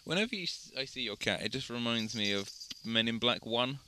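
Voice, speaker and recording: A man's voice: medium pitch, expressive, fairly quick, pushed and bright, a little hiss or hum. A young man co-hosting a casual podcast, telling jokey stories and swearing casually. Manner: joking storyteller, swears casually. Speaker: podcast co-host. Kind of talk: casual chat.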